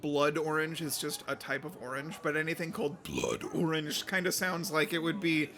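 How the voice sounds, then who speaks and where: A man's voice: on the high side, sing-song, moderate pace, bright, forceful tone, slight background noise. A man in his thirties co-hosting a podcast, talking casually with a slightly nasal voice and a joking, self-deprecating manner. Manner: jokey, self-deprecating, with frequent fillers. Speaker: podcast co-host.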